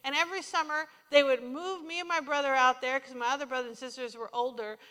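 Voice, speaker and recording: A woman delivers a sermon with a high, bright voice, slipping into the voices of people from her stories. Her words ring out with a long church-hall reverb behind them. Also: fast. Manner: animated storytelling, quoting herself and others. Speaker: preacher. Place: church sanctuary.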